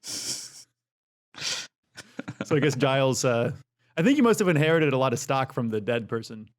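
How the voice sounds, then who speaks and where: A man co-hosts a casual podcast with a lively, swinging pitch. He jokes and teases as he talks. The mood is light and playful throughout. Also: normal speed. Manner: playful, joking. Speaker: podcast co-host. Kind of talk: casual chat.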